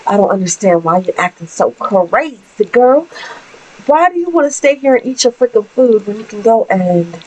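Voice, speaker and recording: A woman's voice: mid-range voice, animated, normal speed, darkish tone, lightly acted, low-quality recording. A woman voicing a nervous young husband who frets about his first children, talking in an exasperated, pleading way. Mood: urging. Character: flustered young husband, nervous new dad.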